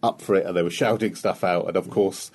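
A man's voice: deep voice, steady tone, brisk, darkish tone, husky. A man in his thirties from the UK, a comedian talking reflectively and wryly in an interview. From United Kingdom. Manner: reflective, wry storytelling with acted-out quotes. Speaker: comedian guest. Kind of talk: conversational interview.

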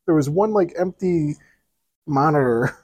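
A man co-hosting a podcast in casual chat, relaxed and chiming in with complaints. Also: fairly high pitch, slightly rough. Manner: relaxed, backchanneling, quick complaints. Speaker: podcast co-host. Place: hotel balcony outdoors.

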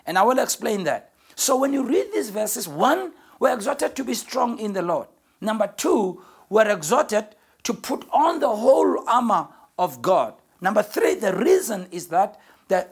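A woman pastor preaching a sermon in an earnest, emphatic way, slowing down to stress key phrases. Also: medium pitch, very animated, creaky, husky.

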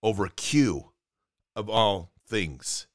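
A man's voice: on the low side, expressive, very slow, no room sound, studio quality. A man hosting a commentary show, ranting indignantly and sarcastically while reading news items aloud.

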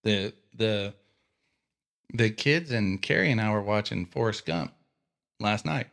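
Texan guy cohosting a faith podcast, lowish voice, animated storyteller. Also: measured pace, gravelly. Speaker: podcast co-host. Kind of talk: casual faith chat.

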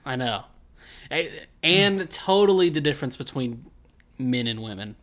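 A man's voice: medium pitch, animated, a little slow, a bit bright. Laid-back young man, rambling chat. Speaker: podcast co-host. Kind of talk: casual chat about an anime.

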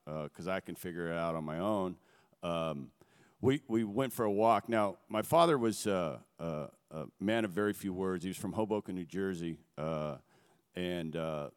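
A middle-aged man with a low, smooth, resonant voice tells his story in an earnest, halting way. His words ring out through a big hall, trailing a long echo behind them. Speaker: guest speaker. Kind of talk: personal testimony. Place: on a stage before a gathering.

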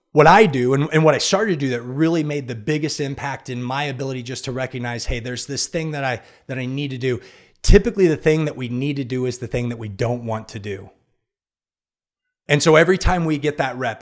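A man hosting a motivational talk, telling stories with animated delivery and acting out the inner voices that argue in a person's head. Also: mid-range voice. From Kansas City area, United States. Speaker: podcast host. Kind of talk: motivational monologue.

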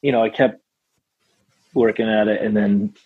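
A man's voice: fairly low pitch, fairly even intonation, normal speed, husky, no room sound, narrow, tinny audio. A male songwriter as a guest in a casual interview, rambling with many fillers and restarts.

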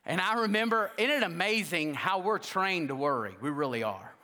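In the large hall of a church sanctuary, a pastor preaches a humorous sermon in a high-pitched voice at a slightly fast pace. He is jokey and animated, acting out quoted dialogue.

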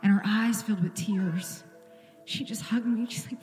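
A woman's voice: mid-range voice, fairly even intonation, moderate pace, darkish tone, roomy sound, big-room sound, soft background music. A woman pastor giving an earnest, intimate sermon in a church, at times dropping to a whisper. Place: church sanctuary.

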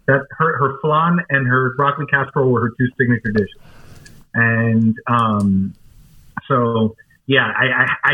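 Halting man on a tinny line. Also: medium pitch. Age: 30s. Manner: halting, earnest, stumbling restarts. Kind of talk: casual chat.

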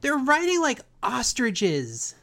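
A man's voice: very high voice, wildly swooping pitch, slow pace, gravelly, bright, forceful tone. A man in casual chat, recapping an episode in a laid-back, slangy way. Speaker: podcast host.

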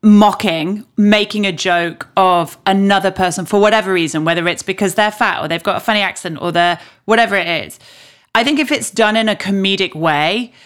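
A woman's voice: medium pitch, brisk, clean tone. A woman co-hosting a podcast, chatting casually and thinking aloud with restarts. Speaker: podcast co-host.

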